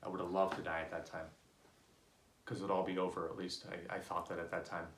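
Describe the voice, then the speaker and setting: Man, low voice, earnest motivational talk, personal storytelling, roomy echo. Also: a little fast, slight background noise. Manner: earnest storytelling, animated when voicing others. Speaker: motivational speaker.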